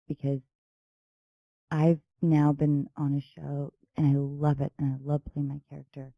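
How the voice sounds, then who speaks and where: A woman's voice: deep voice, steady tone, normal speed, gravelly, no room sound, highs cut off. A woman hosting a podcast, chatting casually and playfully with a guest, laughing often. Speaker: podcast host. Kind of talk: casual chat.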